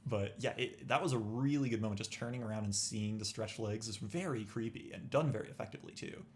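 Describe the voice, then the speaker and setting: A man's voice: lowish voice, fast talker, a little mellow, slight background noise. Dry sarcastic man on a podcast. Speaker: podcast co-host. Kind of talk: casual film review chat.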